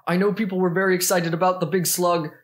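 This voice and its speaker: A man's voice: sits high, flat delivery, quick pace, a bit bright. A man playing a petulant, sulking adult space villain in a comedy monologue, whiny and sarcastic, swearing a lot. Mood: gushing. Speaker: comedian in character.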